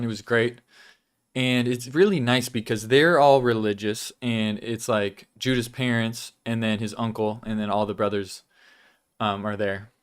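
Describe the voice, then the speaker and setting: A man's voice: medium pitch, clear, resonant tone. A young man hosting a casual weekly vlog, chatting loosely about his life while chewing gum and swearing now and then. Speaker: vlog host.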